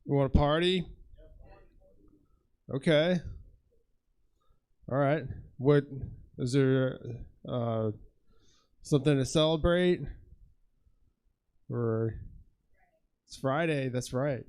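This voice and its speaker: A man headlining a stand-up show on a theater stage, working the crowd in a halting way and asking the audience questions. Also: mid-range voice, a little mellow, clear, resonant tone.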